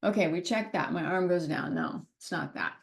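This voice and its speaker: A woman speaker at a wellness masterclass, telling a personal story in an expressive way and laughing often as she goes. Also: fairly low pitch, moderate pace, gravelly. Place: talk or masterclass session.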